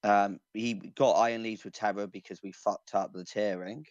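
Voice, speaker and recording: Low-voiced man hosting a chatty podcast. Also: fairly even intonation, normal speed, dry recording, dull audio. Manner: rambling, explanatory, restarts often. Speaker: podcast host. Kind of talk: casual podcast chat.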